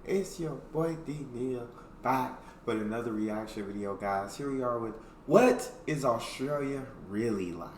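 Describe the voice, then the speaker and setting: A man from the United States hosting a reaction video in a laid-back, slangy chat, laughing loudly. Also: medium pitch, measured pace, reverberant, far from the mic, a little hiss or hum. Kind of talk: casual chat.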